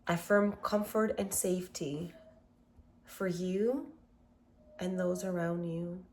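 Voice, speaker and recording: Calm woman leading guided meditation. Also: lowish voice, slow. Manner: calm, gentle and affirming. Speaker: self-love workshop host.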